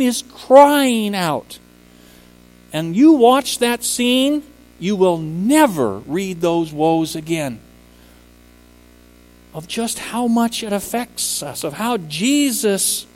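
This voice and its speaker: A man's voice: very high-pitched, big-room sound, poor audio. A man preaching a sermon, speaking emphatically and rising to impassioned peaks on key words. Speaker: preacher and teacher.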